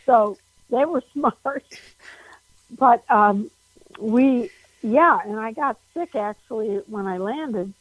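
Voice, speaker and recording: A woman comedian guesting on an interview over the phone, talking animatedly with frequent laughs and big pitch jumps. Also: takes it slowly, long pauses, no room sound, rough recording.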